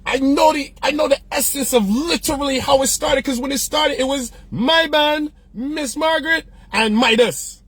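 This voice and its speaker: A man's voice: extremely high pitch, moderate pace, hardly any pauses, fairly bright tone, no echo. A man hosting his own opinion show, telling stories in a loose, slangy, profane way. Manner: passionate, profane, heated. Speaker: podcast host. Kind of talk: ranting opinion monologue.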